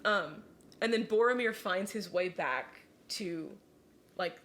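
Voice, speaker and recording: A young woman co-hosting a podcast, casually retelling a story in a rambling way, full of filler words and quick laughs. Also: on the low side, fairly bright tone, a little hiss or hum. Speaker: podcast co-host.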